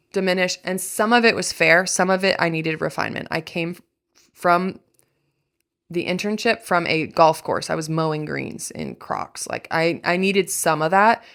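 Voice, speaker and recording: A young adult woman hosting a podcast, speaking candidly in a deep voice that frays into fry, blunt and swearing freely with wry asides. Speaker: podcast host. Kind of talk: candid personal monologue.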